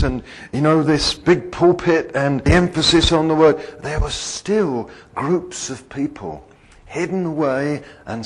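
A man preaches to a congregation in an easy, rambling way, turning often to ask his listeners questions. His voice is slightly husky and he talks slowly. His pitch rises and falls a great deal. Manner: conversational, digressive, asks the congregation questions. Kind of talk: sermon.

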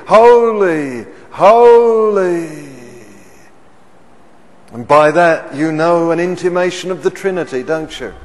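A man preaching a sermon. He keeps asking the congregation questions and swells loud on the words he stresses. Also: fairly high pitch. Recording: reverberant church hall.

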